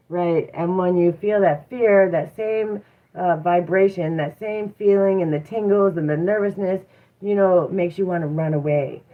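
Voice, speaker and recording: A woman hosting a casual motivational talk, encouraging listeners and asking them rhetorical questions. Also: on the low side. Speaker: host. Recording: tinny phone-like sound.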